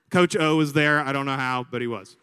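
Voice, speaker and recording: A man from Alabama with a Southern American accent, a priest preaching a sermon and telling stories with lively crowd imitations. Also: medium pitch, a little fast, smooth, long reverb tail. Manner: animated storyteller, imitates crowds. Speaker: priest, vocation director. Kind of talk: sermon with storytelling.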